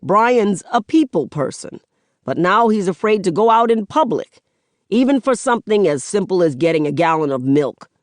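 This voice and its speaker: A woman's voice: medium pitch, animated, normal speed, no room sound, close to an everyday voice. A woman voicing an aggrieved middle-aged father giving a TV interview, defensive and complaining. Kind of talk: audiobook narration.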